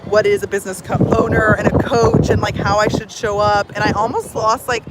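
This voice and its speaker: A woman's voice: mid-range voice, flat delivery, a little fast, very noisy. A woman in her thirties, a personal growth coach, chatting casually on a livestream with lots of fillers in a bubbly, talkative way.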